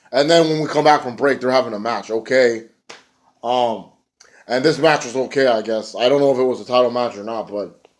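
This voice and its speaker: A man giving a casual, rambling recap of a wrestling show, with swearing and many fillers. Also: mid-range voice.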